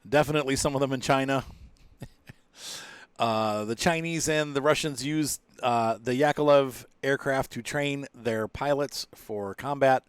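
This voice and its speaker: A man's voice: medium pitch, measured pace, clean tone, no echo. Rambling man reviewing a flight sim. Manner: rambling, many fillers and restarts. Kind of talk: casual gameplay commentary.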